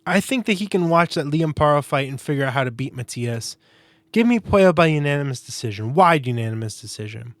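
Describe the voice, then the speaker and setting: A man with a slightly raised pitch talks through his predictions in a casual, opinionated way, sliding into wry sarcasm. The sound is dry and close, with no room around it. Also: expressive, fairly quick, no room sound. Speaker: boxing podcast host.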